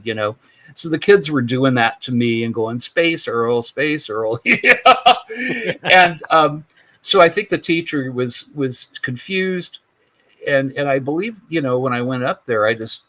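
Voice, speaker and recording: An older man in his sixties tells a rambling childhood story as a podcast guest, his voice sitting at an ordinary middle pitch. He chuckles as he goes and often restarts his phrases with fillers. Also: a bit bright, no echo, low-quality recording. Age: 60s. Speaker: podcast guest, UFO investigator. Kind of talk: casual storytelling in conversation.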